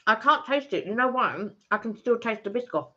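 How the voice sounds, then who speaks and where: Bright, lively woman teasing her co-host. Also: a little high, a little fast, lo-fi sound. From England. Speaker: live stream co-host. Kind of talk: casual live-stream chat.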